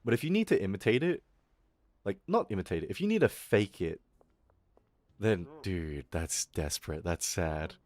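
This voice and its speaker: His voice sits low with a darkish, expressive tone and no room sound. Using a put-on streamer voice, this young man rambles through a casual live stream, profane and quick to laugh.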